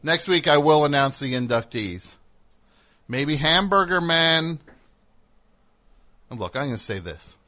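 A man's voice: on the high side, animated, unhurried, pauses often, sharp tone. A man hosting a comedic talk show, riffing in a rambling, sarcastic way with plenty of fillers. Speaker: host.

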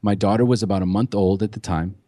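A man with a fairly low voice tells his recovery story as a podcast guest, earnest and emotional, swearing freely. The sound is dry and close, with no room around him. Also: steady tone, fast, dark tone, dry recording.

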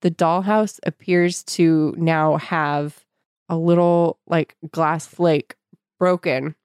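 A woman's voice: low voice, takes it slowly, clear, resonant tone, no room sound, clean studio sound. A woman co-hosting a podcast, animatedly recapping a book plot in casual chat. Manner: animated, retells the plot with voices. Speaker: podcast co-host.

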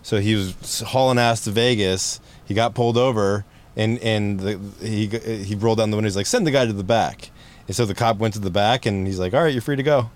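Low-voiced laid-back male host. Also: brisk. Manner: relaxed, brief reactions and short anecdotes. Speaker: podcast host. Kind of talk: casual podcast chat.

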